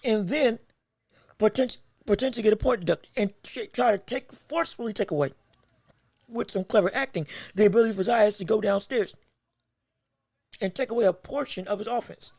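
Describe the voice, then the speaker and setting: Calling a live boxing bout from his podcast setup, this very high-voiced man sits right on a dry microphone and sounds husky. Excitable and quick to react, he restarts lines as the fight moves, correcting himself often, all while hiccuping.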